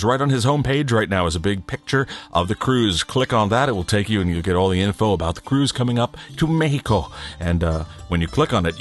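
A man hosting a podcast, chatting casually and reading out announcements in a rambling, self-deprecating way. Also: mid-range voice. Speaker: podcast host.

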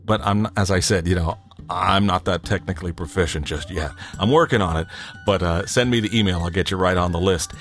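A man's voice: low voice, a little fast, a bit bright, soft background music. A man hosting a podcast, chatting casually and reading out announcements in a rambling, self-deprecating way. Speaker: podcast host.

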